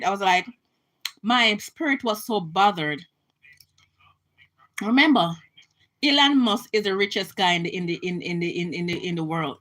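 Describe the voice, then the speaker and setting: A woman's voice: mid-range voice, a bit bright, poor audio. A Jamaican woman giving an impassioned political rant to her camera, emphatic and repetitive, often restarting her sentences. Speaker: vlogger.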